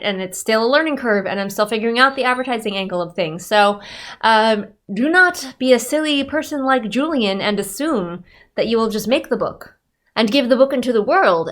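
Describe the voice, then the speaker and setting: A woman's voice: on the high side, lively intonation, moderate pace, fairly bright tone. A woman who works as a writer and editor, talking candidly and with self-deprecating humor in a casual vlog.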